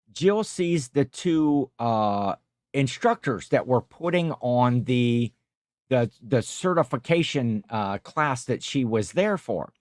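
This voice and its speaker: A man's voice: medium pitch, no echo, clean studio sound. A man hosting a casual livestream chat, rambling through stories and reading out viewer comments. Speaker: livestream host.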